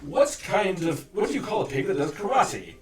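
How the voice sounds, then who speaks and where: A man voicing a silly male puppet who shouts puns and laughs at his own jokes. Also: high voice, very animated, normal speed, echoey room, far from the mic, slight background noise, pitched above the performer's own voice. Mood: hammy.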